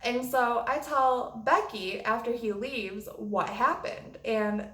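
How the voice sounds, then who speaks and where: A woman's voice: a little high, slow, hardly any pauses, a bit bright. Profane, dramatic young woman in an echoey room. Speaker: vlogger. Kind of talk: storytime vlog.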